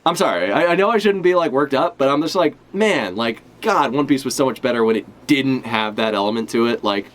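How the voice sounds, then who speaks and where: A man's voice: medium pitch, lively intonation, brisk, hardly any pauses, fairly bright tone. A man giving live reaction commentary as a streamer, ranting and swearing in exasperation.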